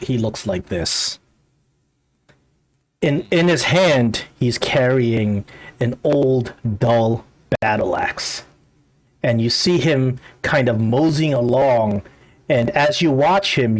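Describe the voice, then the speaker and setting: A man narrating a tabletop game as game master, halting with frequent restarts. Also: mid-range voice, darkish tone.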